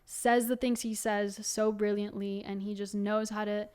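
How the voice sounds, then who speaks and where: A young woman candidly telling her life story to camera as the host of her own show, talking in a quick, loose flow with many fillers. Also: medium pitch, flat delivery, darkish tone, clear, resonant tone. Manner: candid and fast-flowing, full of fillers like "like". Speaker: singer and video host.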